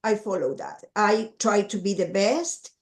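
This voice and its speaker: Earnest woman, slow. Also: mid-range voice. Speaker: panelist. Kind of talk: panel discussion. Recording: echoey room.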